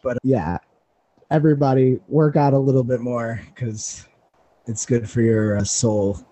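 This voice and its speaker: A man's voice: medium pitch, fairly even intonation, measured pace, warm tone, slight background noise. A man co-hosting a podcast in loose casual chat, swearing freely and laughing often. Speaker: podcast co-host.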